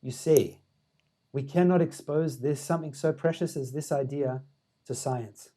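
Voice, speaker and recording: A man doing a deliberately poor impression of an elderly Tibetan monk leader with a Tibetan accent, gentle but firm, speaking in halting phrases. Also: mid-range voice, lightly acted. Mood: earnest.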